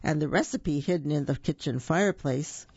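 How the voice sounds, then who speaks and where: A reader doing a prim, fussy gentleman. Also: medium pitch, normal speed, vocal fry, slightly rough, no room sound, lo-fi sound. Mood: genial.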